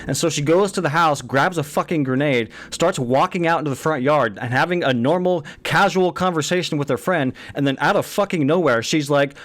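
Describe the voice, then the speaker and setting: A man in his thirties talks through a movie review in a relaxed, casual way, his voice sitting a little higher than most men's. He is blunt and swears freely, often throwing out exasperated rhetorical questions about what he watched. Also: moderate pace.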